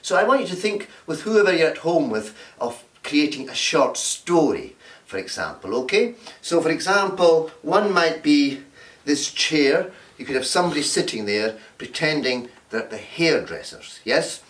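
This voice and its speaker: A man's voice: a little high, sing-song, moderate pace, fairly bright tone. A man leading a recorded workshop at home. He talks playfully and acts out little scenes to demonstrate. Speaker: drama and games workshop leader. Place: indoors in a home room. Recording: roomy sound from a distant camera.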